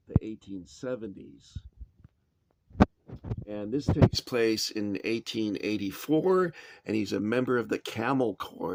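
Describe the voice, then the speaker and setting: A man reviewing his toy soldier collection in a casual, chatty way, often pausing with "uh" and adding dry asides. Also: lowish voice, creaky, background noise. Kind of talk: casual show-and-tell review.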